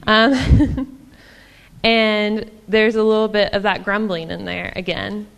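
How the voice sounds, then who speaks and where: A woman preaches in a relaxed, conversational way, sprinkling her talk with ums and small laughs. Her voice is smooth and clear at a medium pitch. A long reverb from the church hall trails behind her words. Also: slow pace. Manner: warm, chatty, many ums and small laughs. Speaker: church speaker. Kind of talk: casual sermon.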